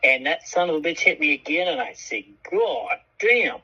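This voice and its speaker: A man co-hosting a radio show tells a story with a bright, edgy, slightly husky voice, cursing freely and acting out each person he quotes. The broadcast sound is dull and muffled. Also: fairly high pitch, normal speed. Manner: animated, profane, acts out quoted voices. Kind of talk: casual storytelling chat.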